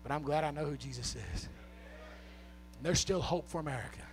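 A man preaching a sermon with a Southern US accent, swinging from shouted, half-sung peaks down to soft, low talk. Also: fairly quick, creaky, faint music behind.

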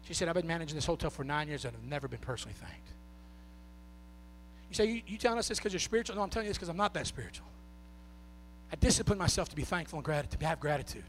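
A man preaching a sermon with a Southern US accent, swinging from shouted, half-sung peaks down to soft, low talk. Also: very animated, racing, pauses often, slight background noise.

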